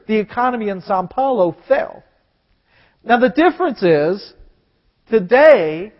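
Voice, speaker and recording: A Southern-accented man preaching, his voice pitched high for a man and moving between easy conversation and ringing declarations. His voice rings through a large hall with a long reverb. The recording is muffled and dull. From American South. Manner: conversational, rising to emphatic proclamation. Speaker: pastor. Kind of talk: sermon.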